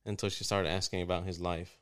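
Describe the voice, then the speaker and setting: A man's voice: low-pitched, flat delivery, fast talker, a bit bright. A man co-hosting a casual podcast, blunt and heated, cursing freely and cracking jokes. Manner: heated, profane and blunt, joking. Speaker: podcast co-host.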